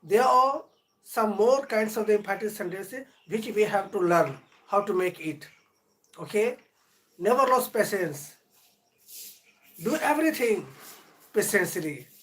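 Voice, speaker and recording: A man teaching a live-streamed grammar lesson, lecturing earnestly and deliberately, drawing out key words between long pauses. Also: high voice, animated, a bit bright, poor audio. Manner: earnest, motivational.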